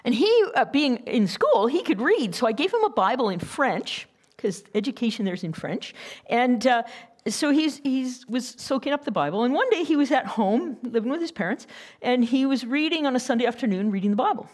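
A woman's voice: a little high, normal speed. Woman missionary telling stories at church. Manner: lively, conversational, with restarts. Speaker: missionary speaking to her church. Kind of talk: storytelling church talk.

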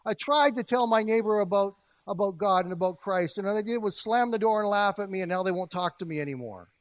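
A man's voice: sits high, brisk, no echo, pitched above the performer's own voice, natural voice. A man voicing a discouraged male believer who complains that he is tired of trying. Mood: weary, exasperated. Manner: whiny, exasperated complaining.

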